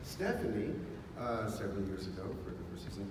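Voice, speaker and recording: A man, a series producer, recounting casting with a wry, lively manner on a convention panel. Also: lowish voice, brisk, background noise. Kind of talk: panel talk. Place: large convention hall. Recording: echoey hall, far mic, crowd.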